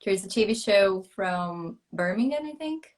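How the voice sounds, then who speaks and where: A woman whose first language is Portuguese, hosting a casual live interview, asking short questions and giving soft backchannels. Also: medium pitch, animated, measured pace. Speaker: host, interviewer.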